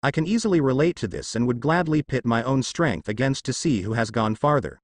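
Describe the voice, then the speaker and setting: A man's voice: medium pitch, animated, fairly quick, lightly acted. A man reading the lines of an earnest, formal young male ninja in a fan fiction story, in nearly his own voice.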